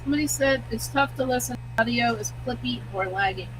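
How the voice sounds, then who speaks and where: A woman's voice: fairly high pitch, fairly quick. A woman co-hosting a live stream from a remote line, throwing in dry teasing remarks. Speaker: co-host. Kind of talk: casual live-stream chat. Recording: noisy line with a hum.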